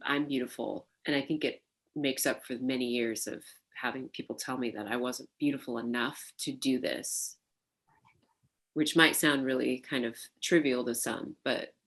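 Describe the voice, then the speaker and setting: A woman, a burlesque performer, recalling her life in an oral history interview, animated and laughing, with many fillers. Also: rumbling low. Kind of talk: reflective interview storytelling.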